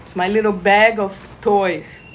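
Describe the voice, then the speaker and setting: Slow, soothing woman guiding a healing session. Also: medium pitch, slight background noise. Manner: slow, soothing guiding voice with bursts of excited laughter. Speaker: reiki practitioner. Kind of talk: live guided energy-healing session. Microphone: phone livestream.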